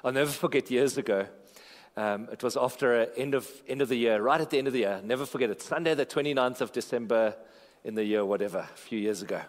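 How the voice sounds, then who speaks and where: A man preaching a sermon in a church, animated, repeating phrases for emphasis and joking with the congregation. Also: mid-range voice, fast talker, big-room sound. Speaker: pastor.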